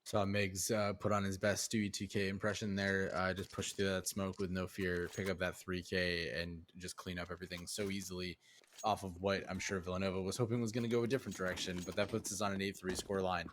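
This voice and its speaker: A man breaking down a live esports match as color commentator, his voice very low and flat, with little rise and fall. He talks in a measured way, leaning on filler uhs, over a clear background hiss.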